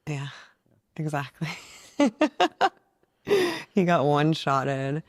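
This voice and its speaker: A man's voice: fairly high pitch, steady tone, slow pace, no echo, studio quality. A man chatting casually in a played clip, offhand and gossiping.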